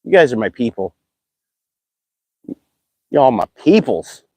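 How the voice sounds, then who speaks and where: A man casually chatting on a live stream while fishing, excitable and talkative, whooping when thrilled. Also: mid-range voice, takes it slowly, pauses often, dry recording.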